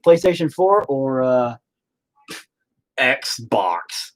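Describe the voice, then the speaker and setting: Male streamer, casual and profane, rambles and ribs his chat, animated pitch swings. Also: normal speed. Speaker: livestream host.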